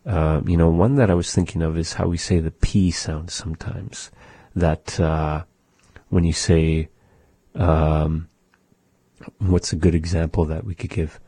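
A man with a very low, husky voice leads a language lesson at an unhurried pace, patiently sounding out each consonant. The sound is dry and close, with no room around it. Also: fairly even intonation, warm tone, dry recording. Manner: slow, patient, demonstrates sounds. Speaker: language teacher.

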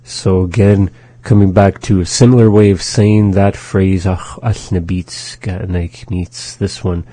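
A man hosting a radio language lesson, repeating each phrase slowly and carefully. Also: low-pitched, steady tone, warm tone, no echo. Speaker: language teacher and radio host. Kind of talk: slow instructional language lesson.

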